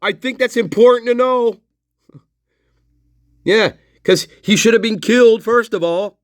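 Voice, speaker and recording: A man's voice: very high-pitched, measured pace, dry recording, clean studio sound. A man commenting on interview footage in an angry, sarcastic, profane rant.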